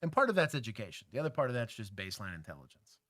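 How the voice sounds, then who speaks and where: A man from Texas who used to be a police officer talks bluntly through a livestream. He jokes often and fills his speech with "uh"s, in a mid-pitched voice. His recording sounds dry and close. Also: sing-song, rapid-fire, a bit bright, no echo. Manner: blunt, joking, lots of filler words. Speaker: host, former police officer. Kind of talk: casual livestream commentary.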